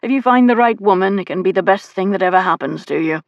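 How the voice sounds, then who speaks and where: A woman's voice: medium pitch, quick pace, no room sound, lo-fi sound, close to an everyday voice. A woman voicing a happily married nobleman in an audiobook, dry and drawling. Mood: earnest. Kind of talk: audiobook character voice.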